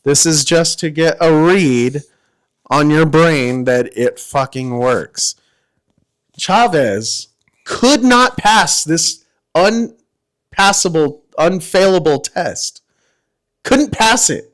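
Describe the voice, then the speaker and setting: A man's voice: fairly high pitch, expressive, slow pace, fairly bright tone. A middle-aged man, a former Marine guest on a podcast, telling a war story in casual, profane chat and acting out what people said. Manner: profane, laughing storyteller who acts out quotes.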